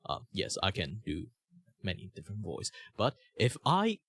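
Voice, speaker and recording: A man's voice: on the low side, huge pitch swings, normal speed, a bit bright, husky, no echo. A young man from Malaysia chatting casually as a streamer, with flowing, rambling speech full of fillers and restarts, recorded on a good mic in a sound-treated home studio. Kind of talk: casual chat.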